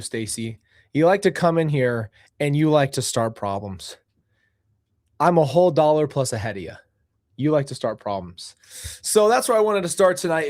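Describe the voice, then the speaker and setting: A man's voice: a little high, dry recording, clean studio sound. A man hosting his own livestream show, talking casually and animatedly to his viewers and joking with the chat as he vents. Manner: animated, chatty, complains playfully, talks to chat. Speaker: host.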